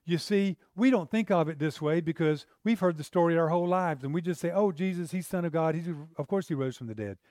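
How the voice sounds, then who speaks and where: A man's voice: a little high, brisk, hardly any pauses, darkish tone, no echo, clean studio sound. A man preaching a sermon in a conversational way, acting out the lines of the people in the story. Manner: conversational, acts out the disciples' lines in character.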